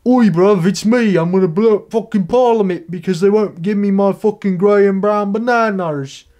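A man voicing a loud, blustering young British bloke with a put-on British accent and gruff slang. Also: high voice, moderate pace, pitched above the performer's own voice, lightly acted. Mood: ranting.

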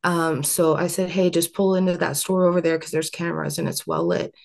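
A woman's voice: lowish voice, fairly even intonation, brisk, creaky, darkish tone. A young adult woman as an interview guest, telling a long story in an earnest, rambling way with many fillers and restarts.

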